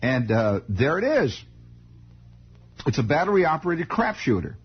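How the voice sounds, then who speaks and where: A man's voice: mid-range voice, very animated, measured pace, husky. A man hosting a late-night radio monologue, rambling, wry and sardonic. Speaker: radio host. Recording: dull 1960s radio broadcast.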